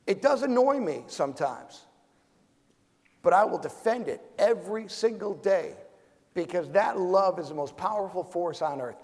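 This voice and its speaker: A man's voice: sits high, lively intonation, normal speed. A man in his forties, a decorated veteran on a forum panel, giving a fired-up speech full of rhetorical questions. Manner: fiery, rhetorical questions, loud bursts. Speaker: Medal of Honor recipient panelist. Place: large event hall. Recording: hall reverb.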